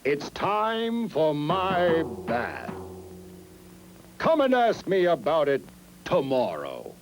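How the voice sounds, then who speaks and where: A man voicing a big male god in a storybook reading, speaking in a lofty, unhurried way. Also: a little high, wildly swooping pitch, faint music behind, pitched above the performer's own voice, heavily acted. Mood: dismissive.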